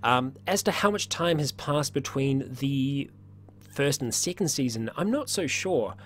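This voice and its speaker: A man's voice: medium pitch, lively intonation, unhurried, fairly bright tone, slight background noise. A man hosting a casual livestream Q&A, chatty and upbeat, often laughing and restarting his sentences, his voice getting worn. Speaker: livestream host.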